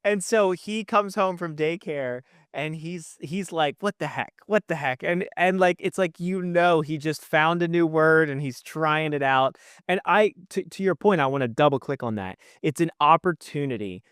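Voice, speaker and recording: Earnest male podcast host, smooth voice. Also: a little high, dry recording, studio quality. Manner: earnest, animated, quick to laugh along. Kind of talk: casual conversational interview.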